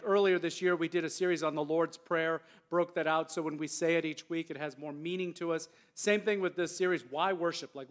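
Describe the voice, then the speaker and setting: Man, pastor, casual sermon, slightly raised pitch, church. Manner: conversational, self-deprecating, restarts and asides. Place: church sanctuary.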